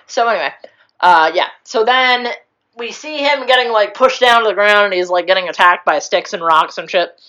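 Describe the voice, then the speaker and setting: A woman's voice: mid-range voice, normal speed, pushed and bright. A young woman casually recapping a show with a friend, rambling, swearing freely and laughing often. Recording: muffled lo-fi recording.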